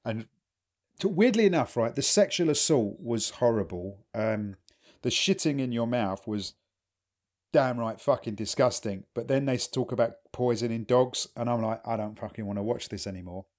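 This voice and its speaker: A man's voice: mid-range voice, moderate pace, darkish tone. A man co-hosting a podcast, telling rambling anecdotes in casual chat, laughing and restarting as he goes. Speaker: podcast co-host.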